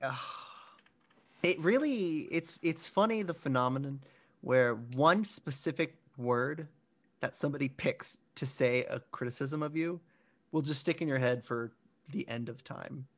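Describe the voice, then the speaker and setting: A man's voice: medium pitch, measured pace. A young man co-hosting a casual podcast chat, rambling through self-deprecating stories with restarts. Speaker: podcast co-host.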